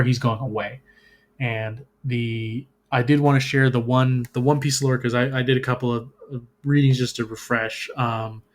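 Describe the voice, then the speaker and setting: A man co-hosting a podcast, recapping and reading game lore casually with frequent restarts and fillers. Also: medium pitch. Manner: hesitant, many restarts and ums. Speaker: podcast co-host.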